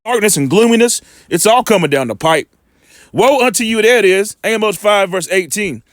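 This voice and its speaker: A man giving informal scripture commentary, emphatic and colloquial, slowing right down when he reads verses aloud. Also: high-pitched, animated, dry recording, studio quality. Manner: emphatic, colloquial, drawn-out slow scripture reading. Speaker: preacher commenting on video clips.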